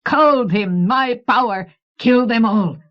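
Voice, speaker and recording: A woman voicing a ranting, cackling male cave creature with a high, shrill voice, in an audiobook. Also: a little slow, lightly acted. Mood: shrieking, gloating. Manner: shrill gloating outbursts. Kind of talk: audiobook reading. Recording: dull old cassette recording.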